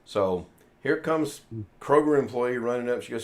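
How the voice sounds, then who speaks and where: A man's voice: medium pitch, expressive, normal speed. A man from the United States hosting a casual live chat, telling a long rambling anecdote and acting out what people said. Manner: rambling anecdotes with acted-out quotes. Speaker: show host.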